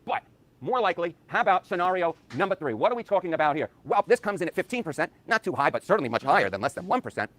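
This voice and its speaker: A man's voice: sits high, very animated, very fast, fairly bright tone, no room sound. A man breaking down election numbers on a news broadcast, exclaiming and throwing in playful asides. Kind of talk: animated broadcast analysis.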